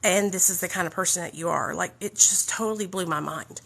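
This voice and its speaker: Blunt Southern woman, bright gravelly voice. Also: fairly low pitch, brisk. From Southern United States. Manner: blunt, profane, animated. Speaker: vlogger telling a recovery story. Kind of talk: candid storytelling.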